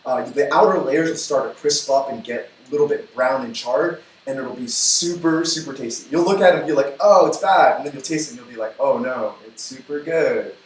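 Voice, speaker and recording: A man hosting a cooking livestream, talking in a chatty, upbeat way with quick asides while he cooks. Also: medium pitch. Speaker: cooking show host. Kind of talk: casual cooking livestream chat. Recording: echoey room from far off, faint noise.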